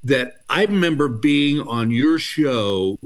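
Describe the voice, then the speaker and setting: A man's voice: medium pitch, expressive, slow pace. A man in his sixties from Texas, a comedian telling self-deprecating stories with plenty of fillers in a casual interview. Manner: chatty, self-deprecating storyteller with many fillers. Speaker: comedian guest.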